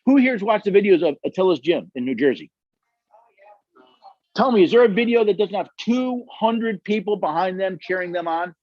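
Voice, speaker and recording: Guy lecturing on the constitution, kinda high voice, dry dull lo-fi sound, tells stories and acts out the quotes. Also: lively intonation, moderate pace, a little mellow, no room sound. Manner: emphatic storytelling, acts out quotes. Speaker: speaker at a constitution study session. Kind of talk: lecture with audience questions.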